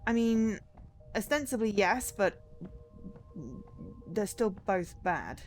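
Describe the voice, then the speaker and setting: A woman's voice: medium pitch, slow, soft background music. A tired woman streaming a game, chatting wryly and reading signs aloud. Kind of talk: casual gaming stream commentary.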